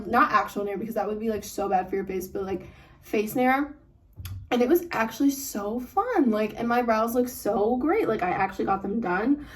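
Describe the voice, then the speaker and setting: A young woman chatting as she does her makeup for a vlog, talking fast and rambling with lots of fillers, recorded on a phone. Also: medium pitch. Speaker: beauty vlogger. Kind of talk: get-ready-with-me chat. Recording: phone mic from a distance, some noise.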